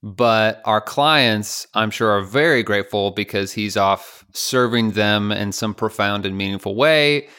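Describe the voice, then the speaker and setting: A man's voice: on the low side, measured pace, few pauses, pushed and bright, clean tone. Joking male podcast co-host. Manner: joking, dry teasing. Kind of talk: casual chat.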